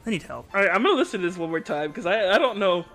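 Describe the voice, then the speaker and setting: Excitable high-voiced male streamer. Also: very fast, soft background music. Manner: excitable, bickering playfully with chat; frequent yelps and shouts. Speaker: VTuber livestreamer. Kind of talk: live-stream gaming chatter.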